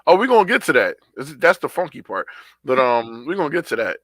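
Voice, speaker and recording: A man's voice: mid-range voice, big pitch swings, fast, a bit bright, dry recording. A man co-hosting a podcast, talking in a laid-back, slangy, conversational way. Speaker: podcast co-host.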